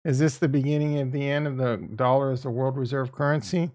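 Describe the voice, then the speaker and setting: A man's voice: medium pitch, little pitch movement, quick pace, darkish tone. A man giving casual market commentary as a video host, blunt and profane, repeating his points and getting exasperated. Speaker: crypto and stock market YouTuber.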